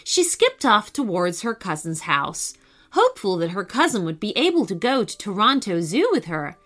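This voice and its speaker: A woman narrating a children's story in a lively, expressive reading voice. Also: medium pitch, normal speed.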